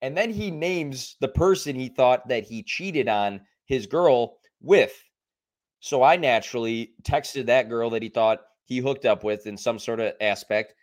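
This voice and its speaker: A young adult man co-hosting a podcast and telling stories in a casual, animated way, acting out the quoted lines. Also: medium pitch, unhurried. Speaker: podcast co-host. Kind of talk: casual storytelling chat.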